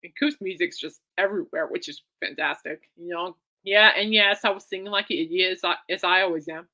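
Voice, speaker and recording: A woman hosting her own podcast, rambling excitedly in a casual monologue full of fillers and restarts. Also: lowish voice, fairly quick. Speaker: podcast host.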